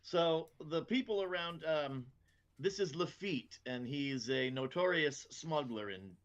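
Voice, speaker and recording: A man's voice: fairly high pitch, unhurried, a bit bright. A man at a tabletop game describing what his character does. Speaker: player. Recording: dull lo-fi mic.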